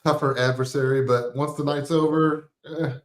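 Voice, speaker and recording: A man's voice: on the high side, steady tone, normal speed, a crowd in the background. A man co-hosting a podcast in casual chat, laid-back and joking, with plenty of swearing. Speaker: podcast co-host. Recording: roomy echo.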